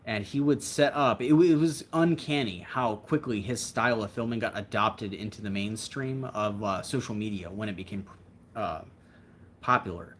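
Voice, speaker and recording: Man, livestream host, casual chat, rambling, reflective, fairly low voice. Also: normal speed, slight background noise.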